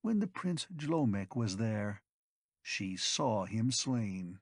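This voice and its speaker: A man voicing a greedy, cowardly male vagabond who talks unctuously and slowly. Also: lowish voice, very animated, dry recording, studio quality, full character voice. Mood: sly. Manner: unctuous, slow and sly.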